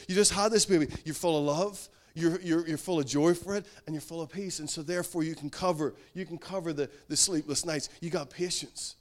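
A middle-aged man preaching a sermon in an earnest tone, his voice sitting a little higher than most men's. He builds to emphatic bursts, then drops low and slows down to let a point land. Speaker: pastor.

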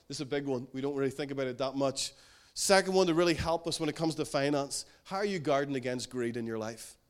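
A man preaching a sermon in an earnest, emphatic way, repeating key phrases. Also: medium pitch.

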